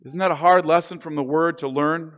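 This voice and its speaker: A man preaching a sermon, earnest and deliberate, slowing down on the key phrases. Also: on the high side, steady tone. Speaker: pastor.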